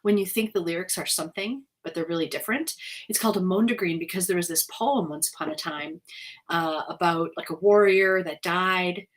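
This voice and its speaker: A woman, co-hosting a casual livestream chat, talkative and quick to laugh, sometimes stumbling over her words. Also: fairly low pitch. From Wisconsin. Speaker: co-host.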